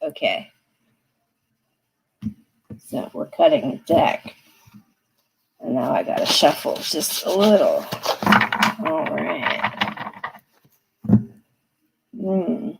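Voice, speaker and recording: A woman's voice: low-pitched, big pitch swings, drawn-out words, creaky, long pauses, noisy background. A woman giving live tarot readings in a chatty, emphatic way, laughing often. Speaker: tarot reader.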